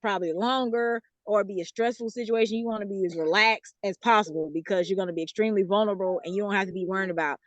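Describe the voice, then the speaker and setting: A talkative woman with a light Southern US accent answers interview questions at an ordinary, mid-height pitch. She explains things loosely, with plenty of fillers and easy laughter. The sound is dry and close, with no room echo. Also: fast, few pauses, dull audio. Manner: chatty, laughs often, explains with many fillers. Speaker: guest author.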